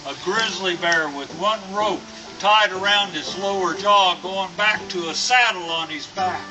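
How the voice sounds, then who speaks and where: Slow-telling man spinning a tall tale. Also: high-pitched, far from the mic, over music, low-quality recording. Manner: slow, drawn-out storytelling. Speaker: storyteller.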